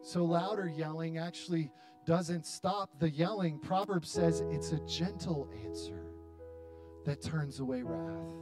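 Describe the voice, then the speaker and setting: A man in his thirties preaching a sermon to his church, building to loud, dramatic appeals with long pauses. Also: on the high side, loud music behind the voice. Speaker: pastor. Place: church hall.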